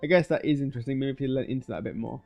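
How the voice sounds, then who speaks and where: A man's voice: medium pitch, very fast, gravelly, darkish tone, soft background music. A man giving a casual spoken film review, rambling and hesitant with many restarts. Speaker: video creator reviewing a film. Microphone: streaming webcam setup.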